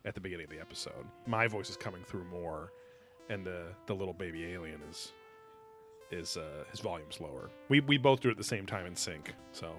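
A man's voice: a little fast, soft background music. A man co-hosting a casual livestream podcast, joking and laughing with his co-host. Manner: jokey, laughing, lively pitch.

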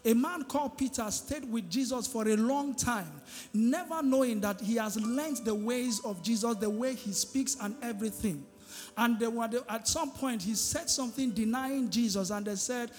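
Holding a handheld microphone in a large church hall, a pastor preaches emphatically and draws responses from the congregation. His voice is very high-pitched and a little mellow at a normal speed, with long hall reverb and faint music behind it.

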